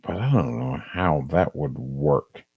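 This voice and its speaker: Man, very low gravelly voice, slow swearing ramble, dry close mic. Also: very animated, dry recording, highs cut off. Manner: rambling and profane, heavy on "um" and "uh". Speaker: live streamer. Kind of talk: casual stream chat, movie review.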